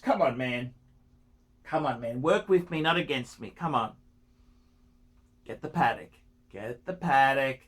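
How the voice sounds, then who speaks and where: A man giving watch-buying advice in a casual rant, pushy and pleading, repeating himself and throwing in crude jokes. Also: fairly high pitch.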